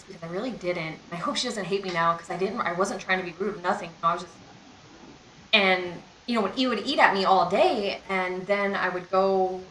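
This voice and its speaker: A woman's voice: mid-range voice, pushed and bright, roomy sound, a little hiss or hum, low-quality recording. A young woman in a casual storytime vlog, talking candidly and rambling, with lots of "like" and "you know.". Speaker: vlogger.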